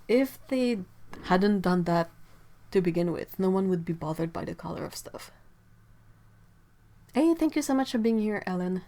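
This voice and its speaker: A young woman with a stuffy nose, hosting a casual livestream from her home art studio. She chats and giggles, reads out viewer comments, and trails off into soft asides. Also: lowish voice. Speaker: livestream host.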